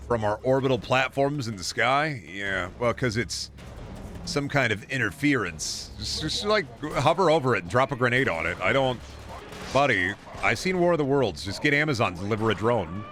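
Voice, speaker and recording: A man's voice: mid-range voice, pushed and bright, a little hiss or hum. A man streaming a video game, rambling through sarcastic commentary with mock-folksy asides. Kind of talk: casual gameplay commentary.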